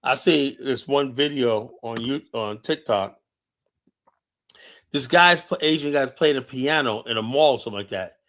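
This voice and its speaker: A man's voice: mid-range voice, normal speed, fairly bright tone. Urgent, emphatic man on a live stream. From United States. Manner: urgent, emphatic, repeats himself with many fillers. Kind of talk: impassioned monologue commentary.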